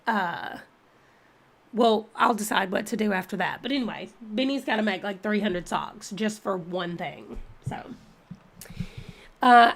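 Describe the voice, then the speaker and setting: A woman hosting her reading channel, chatting casually and thinking aloud during a readathon livestream. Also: medium pitch. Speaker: book channel host.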